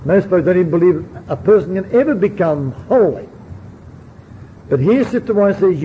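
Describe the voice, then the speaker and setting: A man's voice: high-pitched, lively intonation, moderate pace. A man preaching a sermon, earnestly putting questions straight to his listeners. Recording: dull lo-fi recording with faint hiss.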